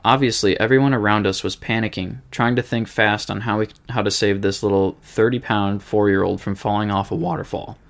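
A man's voice: fairly low pitch, steady tone, brisk, gravelly, hardly any pauses. A man with a Midwestern American accent, co-hosting a podcast and reading a listener story aloud, joking and swearing freely between lines.

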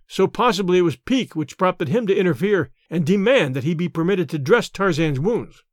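High-voiced male audiobook narrator. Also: a little fast, no echo, clean studio sound. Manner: steady, clear storytelling delivery. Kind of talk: scripted narration.

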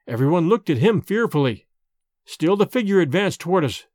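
In this audiobook reading, a man recounts an old-fashioned story with measured expression, his rather high voice swooping up and down. He's recorded close to the mic with no room sound, while faint music plays beneath him.

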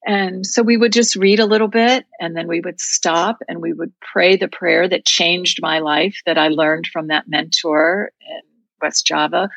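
A woman's voice: fairly low pitch, steady tone, a little slow, vocal fry, a bit bright, no room sound, poor audio. A woman guest telling a personal faith story in an earnest, heartfelt, reflective way. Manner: heartfelt, reflective, speaks of prayer and scripture.

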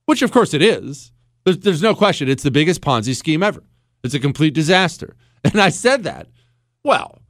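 Blunt, animated male radio host. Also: fairly high pitch, no room sound, studio quality. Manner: blunt, sarcastic, animated, mocks with mimicry. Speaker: radio talk show host. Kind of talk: opinionated talk radio monologue. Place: radio studio.

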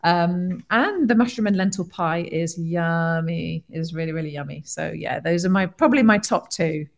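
A woman guest with a slightly low voice chats cheerfully on a podcast. She sounds warm and friendly and laughs easily. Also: moderate pace, creaky. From United Kingdom. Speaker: doctor and author, guest. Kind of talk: casual interview chat.

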